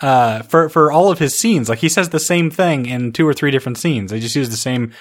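A man's voice: mid-range voice, brisk. A man co-hosting a casual film podcast, joking and amused as he chats about the movie. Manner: amused, joking, laughs often. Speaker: podcast co-host. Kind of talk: casual film recap chat.

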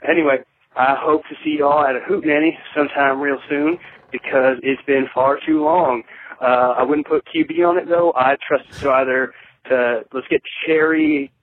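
A man calling in to a podcast, doing a put-on Southern US accent and rambling through playful shout-outs. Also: on the high side, fairly even intonation, moderate pace, a little hiss or hum. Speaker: caller. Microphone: phone call. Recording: tinny phone line.

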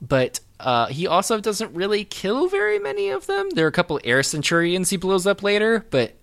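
Male podcast co-host, rambling and jokey, lively and a bit high-pitched. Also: normal speed, creaky. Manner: rambling, laughing, lots of fillers and restarts. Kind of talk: casual movie-riffing chat.

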